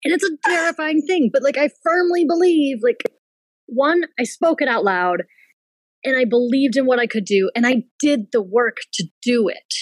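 A woman, a henna artist and business owner, telling a story in casual chat, animated, laughing and swearing freely. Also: sits high, moderate pace, no echo, rough recording. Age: adult with a child.

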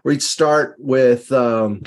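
A man's voice: mid-range voice, takes it slowly. A man hosting an interview, musing thoughtfully with frequent hesitations. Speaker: podcast host. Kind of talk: conversational interview.

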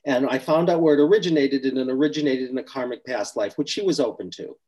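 A man's voice: medium pitch, fast talker, a little mellow, breathy edge, rough recording. A man working as a spiritual healer, earnestly recounting a client session in conversation and explaining each step. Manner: earnest, explanatory, acts out quoted speech.

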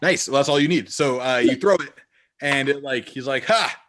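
A man narrating a tabletop game as game master, lively and full of sound effects. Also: medium pitch, normal speed.

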